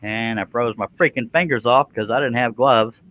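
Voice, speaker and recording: A man's voice: mid-range voice, moderate pace, no room sound, phone-quality sound. A man hosting a casual woodworking live stream from his workshop, joking about himself and reading viewer comments aloud. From Texas.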